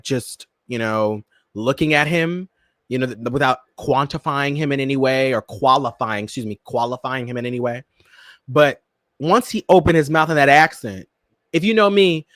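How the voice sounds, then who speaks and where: Sassy animated man, lively pitch. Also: dry recording, clean studio sound. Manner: sassy, campy, animated, addresses listeners as "girl" and "Miss Thing". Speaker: podcast host. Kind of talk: casual pop-culture commentary.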